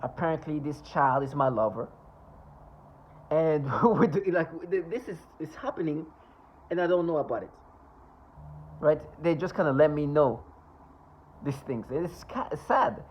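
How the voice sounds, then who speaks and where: A man's voice: a little high, expressive, dull audio, a little hiss or hum. A man talking to camera in a rambling monologue, scornful and sarcastic, often stopping and restarting. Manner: halting, with many restarts and asides. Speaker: vlogger.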